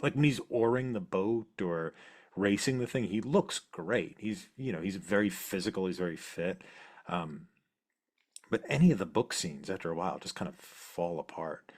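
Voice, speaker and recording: A man co-hosting a podcast, talking about movies in a relaxed, rambling way. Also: sits low. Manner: relaxed, rambling, frequent laughter. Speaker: podcast co-host. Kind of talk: casual film discussion.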